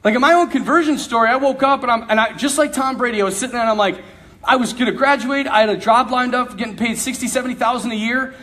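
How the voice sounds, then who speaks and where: A man telling his faith story to an audience, animated and laughing often as he acts out the dialogue. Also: extremely high pitch, fast. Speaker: speaker sharing a faith testimony.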